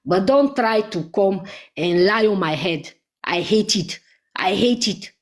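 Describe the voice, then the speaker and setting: A woman's voice: medium pitch, lively intonation, unhurried. A woman ranting angrily in a vlog, scolding someone with repeated insults and accusations. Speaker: vlogger. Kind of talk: angry live vlog rant.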